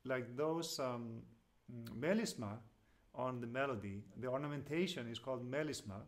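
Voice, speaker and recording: A man teaching devotional singing, explaining slowly and gently with many pauses and fillers, and stopping now and then to sing a line. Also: medium pitch. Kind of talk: lecture with sung examples.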